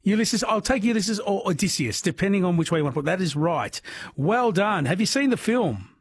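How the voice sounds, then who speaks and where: A man's voice: high-pitched, animated, a little fast. A man hosting an overnight radio quiz, chatting with callers and laughing often. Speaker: radio host. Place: radio studio.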